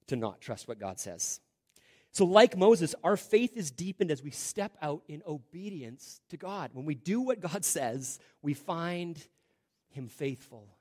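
A man preaching a sermon, conversational and full of rhetorical questions, often dropping to quiet emphasis. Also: on the high side. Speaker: pastor.

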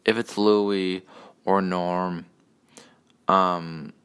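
A man's voice: sits low, fairly even intonation, extremely slow, fairly bright tone, clear, resonant tone. A man hosting his own podcast, ranting alone in a profane, rambling, sarcastic way, full of restarts and asides. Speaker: podcast host. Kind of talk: solo ranting monologue.

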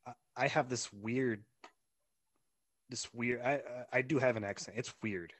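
A man with an everyday mid-pitched voice, chatting casually on a podcast. He teases and plays along with a light touch. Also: fairly even intonation, measured pace, fairly bright tone, a little hiss or hum. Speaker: podcast co-host. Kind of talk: casual chat.

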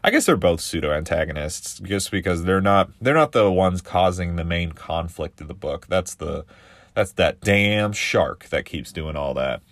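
Man, very deep voice, rambling casual podcast talk, lots of fillers, swearing, dry close sound. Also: lively intonation, measured pace, fairly bright tone, no echo. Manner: rambling, with many fillers and profanity.

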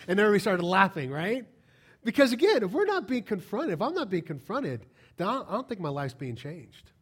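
A man with a notably high voice preaches to his congregation in a church. He talks in a lively, direct way and keeps asking his listeners rhetorical questions. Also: fairly quick, husky. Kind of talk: sermon.

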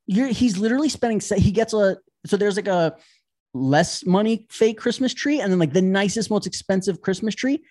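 This reality TV recap comes from a high-pitched man talking at a moderate pace on a podcast. He's loose and animated, swears plenty, and acts out whoever he's describing.

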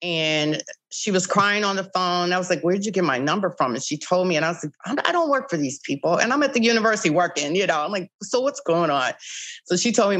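A woman's voice: on the low side, brisk. An older woman, founder of a child-recovery group, telling stories in an interview and acting out old conversations with many "you know" asides. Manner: animated, acts out past conversations. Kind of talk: interview storytelling.

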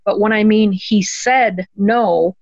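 Guest storyteller: woman, middle pitch, earnest and halting, dry and slightly muffled audio. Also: a little mellow, no echo. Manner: earnest, halting, many ums and restarts. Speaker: guest telling a personal story. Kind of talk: conversational storytelling.

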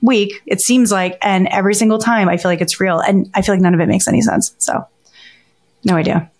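A woman in her thirties co-hosting a podcast, telling a strange dream in a lively, casual way, swearing and laughing as she goes. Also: medium pitch, brisk. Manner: animated storyteller, swears freely, laughs while talking. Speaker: podcast co-host.

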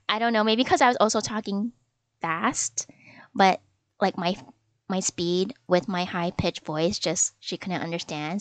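A young woman with a high, girlish voice talks fast and giggles a lot in casual podcast chat. She sounds a little self-conscious. The recording is close and dry, with no room echo. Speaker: podcast co-host.

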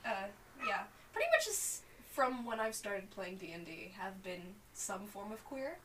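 A woman chatting casually about her character in a tabletop game, unhurried and laughing easily. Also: medium pitch, lively intonation, distant mic, background noise. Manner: laughing, unhurried, full of fillers. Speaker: player.

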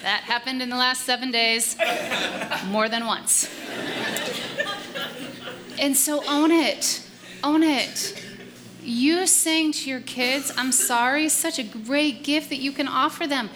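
A woman co-leading a sermon in a church, lively and emphatic. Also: sits high, takes it slowly, long pauses, crowd noise. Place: church sanctuary.

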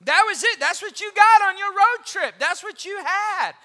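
A pastor in his forties giving an animated, conversational sermon and asking the congregation questions. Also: very high voice, moderate pace. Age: 40s. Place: church auditorium. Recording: reverberant hall.

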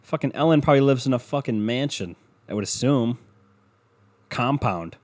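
A man with a medium-pitched voice and lively intonation talks at a normal speed. He hosts a casual solo podcast, rambling and swearing sarcastically as he browses online maps at his desk, recorded on a computer mic.

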